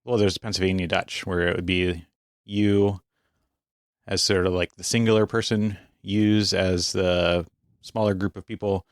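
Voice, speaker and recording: A man co-hosting a podcast, talking casually in a measured, teasing way and asking questions. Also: deep voice, flat delivery, clear, resonant tone, no echo, clean studio sound. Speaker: podcast co-host. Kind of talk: casual chat.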